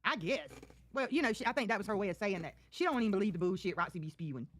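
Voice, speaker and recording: A woman's voice: mid-range voice, expressive, racing. A woman hosting a casual reaction stream, mocking and roasting the clips she plays with profane, sassy commentary.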